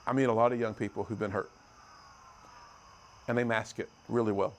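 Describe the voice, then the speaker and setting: A middle-aged man from the United States giving a motivational talk to a youth group, telling stories and swinging between loud and hushed. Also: mid-range voice, normal speed, long pauses, a little hiss or hum. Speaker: youth speaker.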